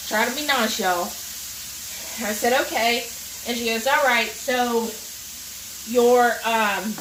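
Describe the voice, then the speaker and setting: A woman's voice: a little high, noisy background. A woman chatting with viewers and telling a long story while she cooks in her home kitchen. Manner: animated, addresses viewers directly. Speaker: cooking vlog host. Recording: roomy kitchen, mic at a distance, faint sizzling.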